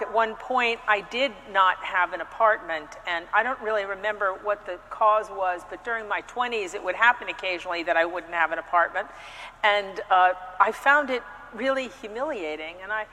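A woman's voice: mid-range voice, bright, forceful tone, in a large hall, low-quality recording. A woman priest giving a conversational sermon, telling personal stories with frequent restarts and hesitations. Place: church.

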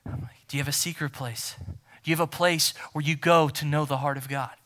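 A man preaching a sermon as pastor, emphatic and repeating key phrases, swinging from loud to near-whisper. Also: on the high side, fairly even intonation, brisk.

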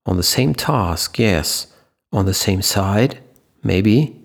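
A man's voice: fairly low pitch, animated, takes it slowly, vocal fry, heavily acted. A male narrator voicing a cool, guarded young woman who speaks tersely. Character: cool unblinking petite young woman Eva.

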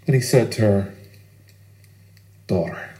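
Preaching with earnest emphasis, a male pastor relies on pauses to make his points land. He sounds animated and a little mellow, his voice slightly higher than most men's. There's a roomy echo to the sound.

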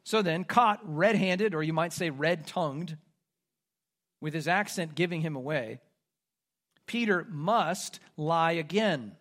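A man's voice: on the high side, takes it slowly, a bit bright. A man from the American Midwest preaching a sermon as pastor, explaining scripture and acting out quoted lines.

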